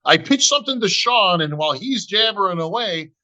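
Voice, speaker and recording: A man's voice: sits high, lively intonation, fairly quick, bright, forceful tone, poor audio. A middle-aged man, a bodybuilding emcee, telling a long story on a podcast and acting out both sides of the talk. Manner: acts out both sides of conversations, says "bro" and "right?" constantly.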